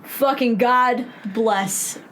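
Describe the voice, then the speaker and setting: Young woman cohosting a podcast, high voice, swears and jokes a lot, faint room noise behind. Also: very slow, a bit bright. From Southern California. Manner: joking, profane, laughs often. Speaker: podcast co-host. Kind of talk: casual chat.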